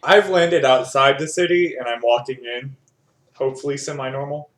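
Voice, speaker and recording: A man's voice: mid-range voice, steady tone, moderate pace. A man playing a tabletop game, joking and laughing as he talks. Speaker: player. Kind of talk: casual tabletop play. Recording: echoey room.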